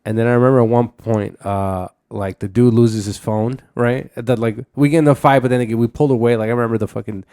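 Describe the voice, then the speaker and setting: Fast-talking rambling man on a podcast. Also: mid-range voice, steady tone, mellow, smooth. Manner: rambling storyteller, swears freely, laughs often. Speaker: podcast host. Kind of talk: casual podcast chat.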